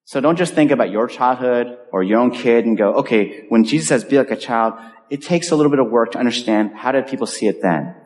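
A man delivers a sermon in an earnest, pleading way, letting his phrases sink to a hush. His voice sits at an ordinary middle pitch. The sound carries the long reverb of a church sanctuary. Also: a little fast. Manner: earnest, pleading, drops softly at phrase ends. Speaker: pastor.

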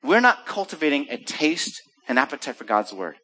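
Animated bright-voiced preacher in a large hall. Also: male voice, mid-range voice, moderate pace, breathy edge. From United States. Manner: animated preaching with jokes and rhetorical questions. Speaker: pastor. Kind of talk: sermon. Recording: long hall reverb.

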